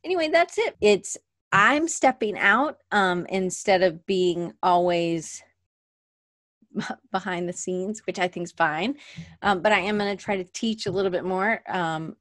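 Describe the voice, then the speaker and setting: A woman's voice: mid-range voice, unhurried, fairly bright tone, no room sound, studio quality. A woman hosting a casual livestream from her desk, rambling and chatty, often restarting her sentences. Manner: moves around at her desk. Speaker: podcast host. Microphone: webcam at desk.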